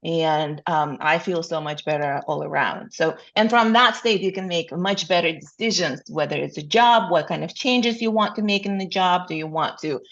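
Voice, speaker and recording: A woman's voice: lowish voice, normal speed, few pauses, fairly bright tone, dull audio. A woman speaking as a coach in an interview, with frequent fillers and rhetorical questions. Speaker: burnout coach, guest. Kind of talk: interview answers.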